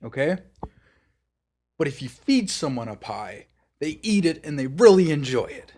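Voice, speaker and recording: A young man co-hosting a casual podcast chat, swearing freely and breaking into loud mock outbursts. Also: fairly high pitch, moderate pace. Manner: animated, profane, bursts into loud mock outbursts. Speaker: podcast co-host.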